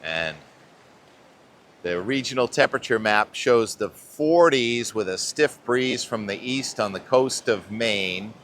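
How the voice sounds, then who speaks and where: A man's voice: lowish voice, animated, slow, fairly bright tone, slight background noise. A middle-aged man hosting a weather vlog outdoors on a beach, talking casually and thinking aloud about the forecast into a clip-on mic. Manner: chatty, rambling, thinking aloud.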